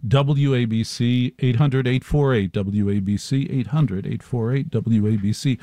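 A man's voice: medium pitch, unhurried, dark tone, no room sound, clean studio sound. A male radio talk show host riffing sardonically through a live monologue. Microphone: studio microphone.

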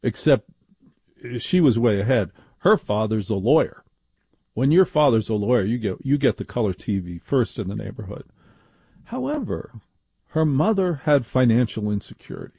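Middle-aged male talk radio host, gravelly and husky, emphatic mock-outrage storyteller, close dry studio sound. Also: medium pitch, sing-song, moderate pace, dark tone, no echo. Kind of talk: call-in radio monologue.

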